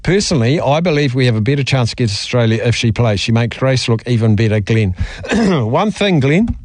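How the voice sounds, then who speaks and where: A man's voice: medium pitch, lively intonation, a little fast, darkish tone, dry recording. A man hosting sports radio, bantering with a guest and reading out listener texts. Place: radio studio.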